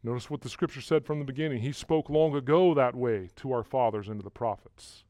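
A man preaching a sermon to a congregation, walking through verses and rising loudly on key words, often repeating himself. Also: medium pitch, brisk, no echo, clean studio sound. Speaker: pastor.

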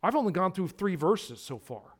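Male pastor, high voice, emphatic sermon delivery that swings from quiet to loud. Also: big pitch swings, normal speed, breathy edge. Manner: emphatic preaching, repeats words for emphasis, swings between hushed and loud.

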